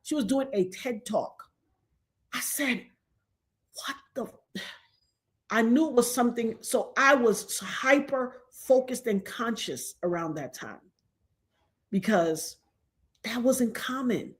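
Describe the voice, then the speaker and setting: Speaking a little slowly in a slightly high voice, a woman in her forties shares a personal story on a home vlog. Her emotions swing widely, dropping to a hush and rising to excited shouts.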